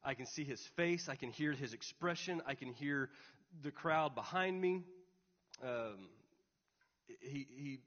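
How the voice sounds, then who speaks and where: Young pastor, earnest storyteller, slightly high voice, dull recording with long hall echo. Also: male voice, unhurried, long pauses, a bit bright. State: tearful. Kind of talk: sermon.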